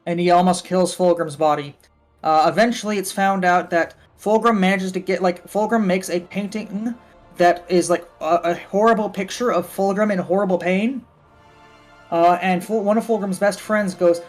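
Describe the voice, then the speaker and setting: High-voiced man telling a rambling story. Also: normal speed, soft background music. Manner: rambling, with frequent fillers and swearing. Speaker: guest on a livestream. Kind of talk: casual storytelling chat. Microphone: voice call from a computer.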